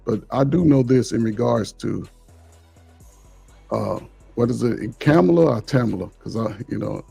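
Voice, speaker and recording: Gravelly, husky laid-back man. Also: mid-range voice, a little slow, dark tone, no room sound, faint music behind. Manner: laid-back, rambling with fillers. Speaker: panelist, military veteran. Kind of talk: casual political chat.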